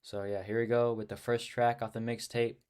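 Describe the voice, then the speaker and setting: A man's voice: medium pitch, level tone, fairly quick. A young man casually talking to camera about his own rap lyrics, hesitant and rambling with many fillers and restarts, a bit awkward. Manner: self-conscious and awkward on camera. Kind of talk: casual self-recorded talk to camera.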